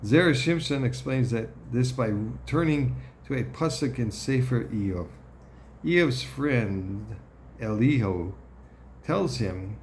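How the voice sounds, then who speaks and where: A man giving a Torah lesson in a deliberate manner, often clearing his throat and checking in with his listeners. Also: mid-range voice, expressive, a little hiss or hum. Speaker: Torah teacher.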